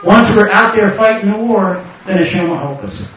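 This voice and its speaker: A man teaching a Torah class, animated, telling stories and bursting into shouts. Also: high-pitched, moderate pace, distant mic, a little hiss or hum. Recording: muffled echoey hall from afar.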